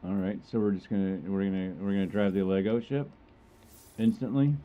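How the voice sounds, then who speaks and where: A man's voice: fairly low pitch, fairly quick, highs cut off. Chatty joking man streaming a game. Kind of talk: casual gameplay commentary.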